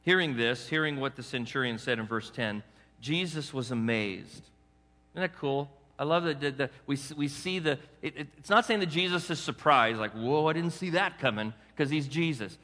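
Lively man preaching in an echoey hall. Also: medium pitch. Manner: animated, conversational preaching with quick acted asides. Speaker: pastor. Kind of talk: sermon.

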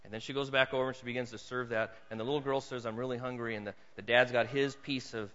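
A man's voice: mid-range voice, fast, highs cut off. Preaching man in a reverberant hall. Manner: animated, swings from hushed storytelling to loud emphatic preaching. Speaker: pastor. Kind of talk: sermon. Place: church hall.

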